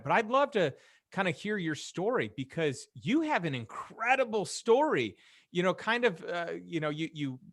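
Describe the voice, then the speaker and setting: A man's voice: sits high, a bit bright, dry recording, studio quality. A man hosting a podcast interview, enthusiastic and complimentary toward his guest. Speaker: podcast host. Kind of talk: conversational interview.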